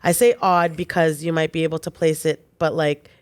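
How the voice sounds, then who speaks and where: A woman co-hosting a chat show, reading a listener's post aloud with quick casual asides. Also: low voice, flat delivery, clear, resonant tone.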